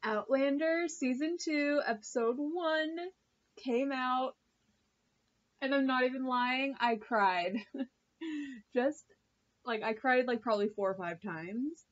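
Chatty woman vlogging, kinda high voice, slow and rambly, muffled lo-fi sound. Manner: gushing, chatty, full of "like" and swearing. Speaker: vlogger reviewing a TV episode. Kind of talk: casual chat.

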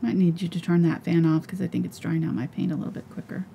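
A woman teaching a live painting lesson in a breathy, soft voice, often mumbling as if talking to herself. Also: fairly low pitch, fast talker, slight background noise. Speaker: painting instructor.

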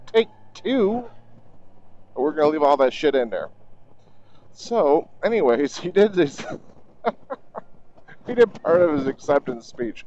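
A man's voice: medium pitch, darkish tone, muffled recording, a little hiss or hum. A man riding a motorcycle to work, chatting loosely and swearing casually in a rambling motovlog. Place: on a motorcycle on the road.

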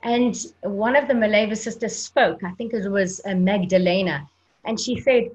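A woman's voice: medium pitch, normal speed, poor audio. Earnest woman telling a story. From South Africa. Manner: earnest, animated storytelling with frequent fillers. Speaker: clinical and sports psychologist, guest. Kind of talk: personal storytelling in an interview.

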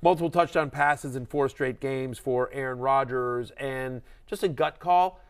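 A middle-aged man hosting a fantasy football show, talking fast and animated, acting out voices as he rants. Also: mid-range voice, smooth. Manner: animated, ranting, acts out quoted voices. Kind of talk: excited sports analysis chat.

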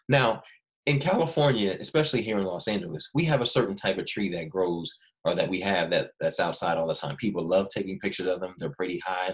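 Deep-voiced teacher coaxing young kids. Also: male voice. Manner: animated, coaxing children to repeat words. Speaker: first grade teacher. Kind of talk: remote classroom lesson. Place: Los Angeles.

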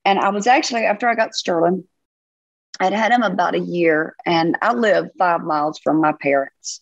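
A woman's voice: fairly low pitch, moderate pace, vocal fry, no room sound, highs cut off. A woman with a Southern accent, a pastor guesting on a podcast, telling stories in a chatty, folksy way and laughing easily. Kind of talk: casual storytelling chat.

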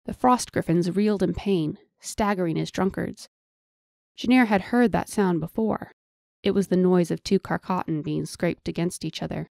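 A woman narrating a fantasy audiobook in a measured storytelling manner. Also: on the low side, vocal fry, darkish tone, dry recording, studio quality.

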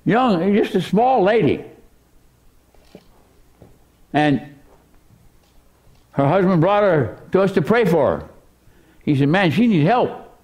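Animated preaching man with lively pitch. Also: slow, long pauses. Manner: animated preaching, voice surging high for emphasis. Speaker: pastor. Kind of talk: sermon. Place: church.

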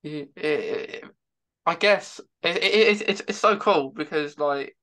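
A man's voice: on the high side, measured pace, bright, forceful tone. A man hosting a casual interview, who stumbles and repeats words as he talks. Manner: stammering restarts, repeats words. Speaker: host.

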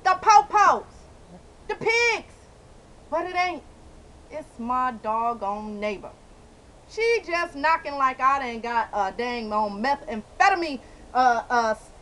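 A young woman vlogging outdoors on a handheld camera, ranting with loud outbursts and dramatic repetition. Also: high-pitched, rough recording. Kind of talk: animated comic vlog rant. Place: outdoors by a car.

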